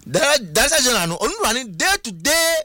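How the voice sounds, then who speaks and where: A man's voice: very high voice, big pitch swings, brisk, sharp tone, dry recording, studio quality. A man with a Ghanaian accent talking animatedly as a guest on a radio talk show, switching between Twi and English. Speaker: studio guest.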